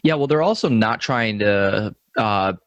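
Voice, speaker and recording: A man's voice: lowish voice, lively intonation, unhurried, no echo, lo-fi sound. A man co-hosting a casual podcast, chiming in with wry, teasing remarks. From Upstate New York. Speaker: podcast co-host. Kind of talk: casual chat.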